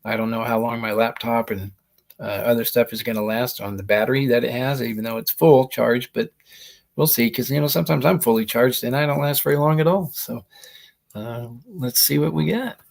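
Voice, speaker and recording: A man with a gravelly, mid-pitched voice hosts a comedy show, rambling through stand-up stories and laughing at his own punchlines. He talks into a laptop microphone. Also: fairly quick. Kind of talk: stand-up style monologue.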